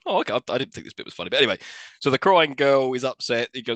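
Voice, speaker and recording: A man's voice: mid-range voice, expressive, very fast, fairly bright tone, dry recording. A man co-hosting a podcast, recapping a film in casual chat and laughing often. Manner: laughs often while recapping scenes, swearing. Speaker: podcast co-host.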